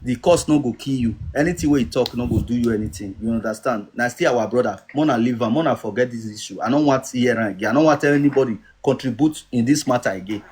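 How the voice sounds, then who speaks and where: A man's voice: medium pitch, quick pace, few pauses, a little mellow, slight background noise. A man with a Nigerian accent talking in a casual live stream, insistent and often asking if he is understood. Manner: insistent, repeats "you understand?".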